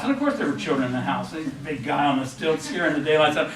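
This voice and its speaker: A man's voice: on the high side, expressive, quick pace, hardly any pauses, roomy sound, far from the mic, crowd noise, low-quality recording. A man giving a classroom lecture, telling stories with many ums, restarts and false starts. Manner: rambling with frequent ums and restarts.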